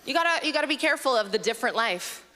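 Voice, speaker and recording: A woman performing a stand-up comedy set on a festival stage, dry and quick-witted, on a handheld mic. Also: sits high, expressive, bright, forceful tone.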